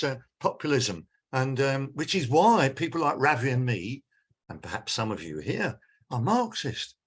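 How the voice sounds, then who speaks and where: Guy on a panel talking all fired up, lots of ums and restarts, husky voice that jumps around. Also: medium pitch. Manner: passionate, animated, many fillers and restarts. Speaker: panel speaker. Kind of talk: conference panel remarks.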